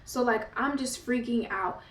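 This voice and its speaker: Chatty woman telling a story, a bit high. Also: moderate pace, distant mic, a little hiss or hum. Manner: chatty, full of "like" fillers. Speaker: vlogger. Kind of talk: casual storytime. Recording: roomy, set back from the mic.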